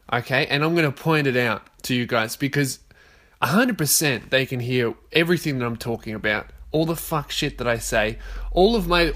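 Profane young Australian man ranting. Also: mid-range voice. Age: 20s. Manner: profane, ranting, loud outbursts. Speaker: podcast host. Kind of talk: casual solo podcast rant. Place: his own bedroom.

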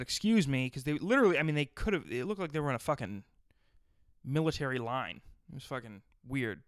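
A man's voice: medium pitch, clean tone, no echo, clean studio sound. Profane man ranting on his podcast. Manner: crude, profane, rambling riffs. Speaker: podcast host. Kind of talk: solo podcast rant.

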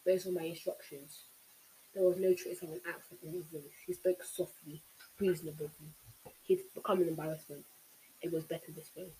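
A host reading a novel aloud in steady narration, with small slips now and then. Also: mid-range voice, fairly quick, slight background noise, rough recording. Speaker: audiobook reader, channel host.

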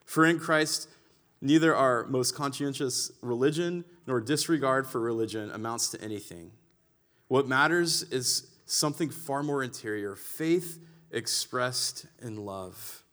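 A man's voice: medium pitch, unhurried, a bit bright. Male pastor, mid-range voice, preaches like he's chatting, personal stories, emphatic swells. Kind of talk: sermon.

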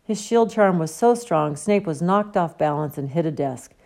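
Gravelly low-voiced woman reading a story. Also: moderate pace. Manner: steady storytelling. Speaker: audiobook reader. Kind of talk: audiobook narration.

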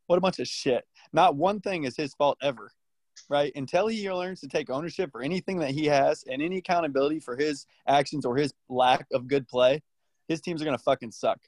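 A man's voice: on the high side, a little fast, a little mellow, no room sound. A man co-hosting a casual sports podcast, ranting blunt hot takes with heavy swearing. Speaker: podcast co-host.

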